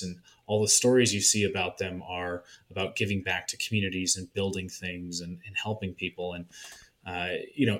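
A man with a lowish voice chats as a guest on a podcast. He speaks candidly and at ease, with lots of "you know" and "um" as he thinks aloud. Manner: relaxed, candid, frequent fillers. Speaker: podcast guest, marketing consultant. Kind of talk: casual podcast conversation.

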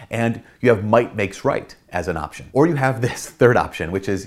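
A man's voice: medium pitch, big pitch swings, a little fast, few pauses. A man, a priest hosting his channel, explaining an idea in a casual teaching talk, repeating key points and acting out quotes in playful voices.

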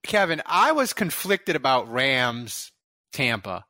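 A man co-hosting a podcast, bantering in a lively, jokey way. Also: mid-range voice, slow pace, no room sound. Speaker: podcast co-host. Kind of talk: casual sports chat.

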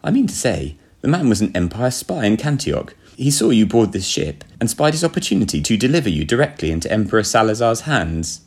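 A man voicing a breezy, coolly unbothered young gentleman spy with an airy, genteel, offhand manner. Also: lowish voice, big pitch swings, fairly quick, creaky, husky, heavily acted.

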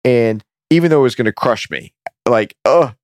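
A man co-hosting a relaxed talk show, telling a personal story with easy laughs. His voice sits at an ordinary pitch. The sound is dry and close. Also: moderate pace, no echo. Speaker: podcast co-host. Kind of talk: casual chat.

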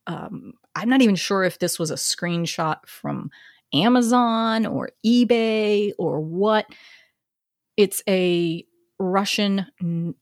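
Slow-talking chatty woman podcaster. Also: mid-range voice, dry recording, studio quality. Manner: chatty, laughs often, animated retelling. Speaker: podcast co-host. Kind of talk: casual chat.

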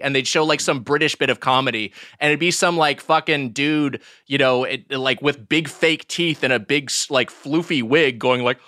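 Podcast co-host, male, fairly high voice with a bright edge, jokey and profane. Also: moderate pace, hardly any pauses, dry recording, clean studio sound. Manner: animated, profane, riffing. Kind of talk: casual comedic chat.

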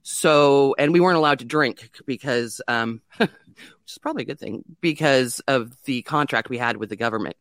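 A woman's voice: a bass voice, moderate pace, no echo. A middle-aged woman candidly telling her life story in an interview, self-mocking and laughing often, with many fillers.

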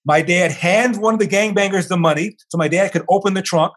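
An older man talking as an interview guest, telling a long personal story in an animated way and acting out the voices of the people in it. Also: high-pitched, a little fast.

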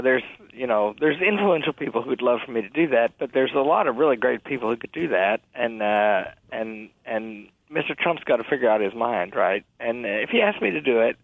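A male college president as a radio guest, speaking in a halting, hesitant way with many fillers. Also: mid-range voice, lively intonation, dry recording. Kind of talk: radio interview. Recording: phone-line audio.

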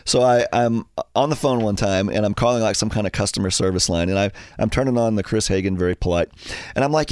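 A man's voice: lowish voice, brisk, no room sound. A man hosting a radio show in a studio, telling stories in a casual chat and acting out voices. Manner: animated storyteller, acts out voices. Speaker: radio host.

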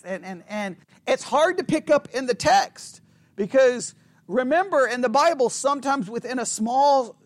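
His voice sits at an extremely high pitch with a fairly bright tone, captured in a dry recording. Teaching Bible study, this man stays playful and chatty, performing sarcastic lines and frequently seeking agreement with a quick "right?"

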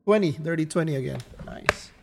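A man's voice: a little high, a little fast, creaky, in a large hall, music in the background. A man playing in a tabletop game, talking casually with fillers and questions. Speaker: player.

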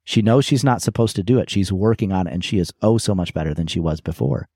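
Middle-aged guy on a podcast, lowish mellow voice, candid storytelling, dry close sound. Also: quick pace, breathy edge, dry recording. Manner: reflective, candid storytelling with frequent restarts. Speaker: podcast co-host. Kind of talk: casual conversational podcast chat.

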